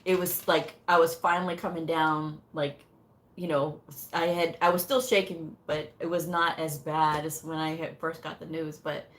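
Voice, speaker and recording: A woman with a slightly low-pitched voice tells a personal story in a relaxed, chatty way. She often slips into acting out her own thoughts and reactions. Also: normal speed. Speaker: medical coding tutor. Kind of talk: casual storytelling vlog.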